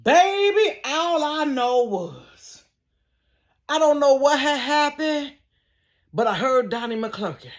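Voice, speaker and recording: A woman telling a funny personal story in a casual vlog from her bedroom, animated and laughing, acting out sounds. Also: high voice, slow pace. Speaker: storyteller vlogger.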